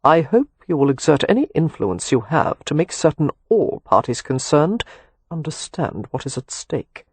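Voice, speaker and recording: An audiobook narrator voicing a controlled, formal male doctor who speaks in measured murmurs. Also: on the high side, big pitch swings, breathy edge, no room sound, heavily acted. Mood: cool.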